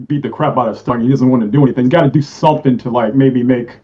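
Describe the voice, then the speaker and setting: A man's voice: mid-range voice, quick pace. A man chatting as a player in a tabletop role-play, rambling with lots of fillers. His voice sits mid-range and comes through a dull, lo-fi microphone. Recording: dull lo-fi mic.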